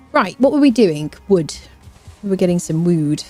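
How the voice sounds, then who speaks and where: A woman gaming streamer chats casually as she plays, her voice lowish and mellow but swinging widely in pitch. She rambles, hums little tunes and answers her chat, with faint game music behind her. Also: big pitch swings, moderate pace. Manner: chatty, rambling, hums and scats to herself, reads chat. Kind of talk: casual live-stream chat while playing.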